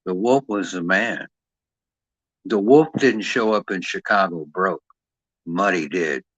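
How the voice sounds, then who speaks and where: A man's voice: sits low, slow, fairly bright tone, no room sound. A man talking casually and profanely at length, rambling and ending his sentences with "man". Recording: dull lo-fi dry sound.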